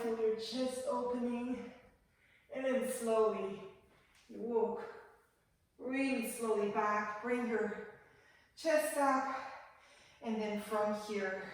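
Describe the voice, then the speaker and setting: A woman teaching a yoga class, calmly cueing breath and movement in a gentle, guiding manner. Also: on the high side, slight background noise. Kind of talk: guided yoga class instruction. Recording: echoey room, voice from far off the mic.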